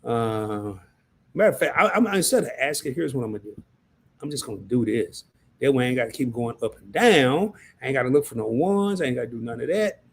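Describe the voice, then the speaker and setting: A male livestream host chats loosely in slang and reads out viewer messages during a casual stream. His medium-pitched voice is expressive and brisk, with slight background noise.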